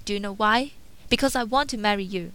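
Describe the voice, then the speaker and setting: A woman's voice: mid-range voice, a little fast, bright, forceful tone, smooth, lightly acted. Gaston, a boastful vain village man, voiced by a woman. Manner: boastful and self-assured. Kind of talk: storybook read-aloud.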